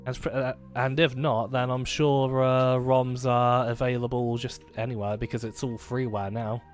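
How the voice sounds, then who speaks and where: A man's voice: mid-range voice, little pitch movement, normal speed. A man talks through a game on a live stream, loose and rambling and full of fillers and false starts. He pokes fun at himself as he goes. Faint game music plays behind him. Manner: rambling, self-deprecating, many fillers and restarts. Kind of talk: casual live-stream commentary.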